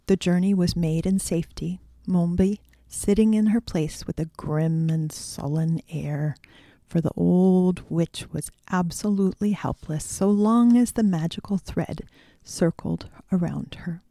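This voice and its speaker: A woman narrating a children's fantasy book in a measured, soft manner. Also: fairly low pitch, no echo. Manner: measured, soft, at times whispery. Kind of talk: storybook audiobook reading.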